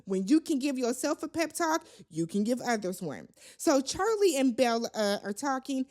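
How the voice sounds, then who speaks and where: A chatty, opinionated woman recapping a reality show for her channel in a sassy, conversational tone. Her voice sits slightly higher than average. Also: very animated, moderate pace, a little mellow. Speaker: recap vlogger. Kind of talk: casual reality-TV recap commentary.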